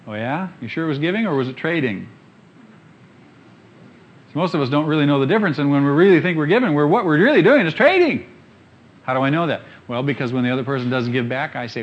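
High-voiced male preacher, emphatic sermon. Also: expressive, quick pace, highs cut off, a little hiss or hum. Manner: emphatic, swinging from quiet to loud. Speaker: pastor.

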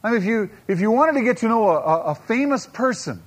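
A man preaching a sermon to a congregation, pressing his points with rhetorical questions, dramatic slow-downs and quiet asides. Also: high-pitched, lively intonation. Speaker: pastor.

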